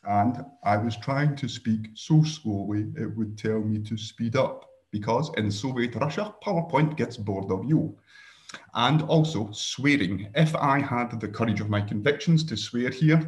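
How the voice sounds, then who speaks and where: A man with a Scottish accent giving a relaxed screen-share software tutorial over a video call, with dry joking asides and frequent ums. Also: on the low side, unhurried. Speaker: workshop presenter.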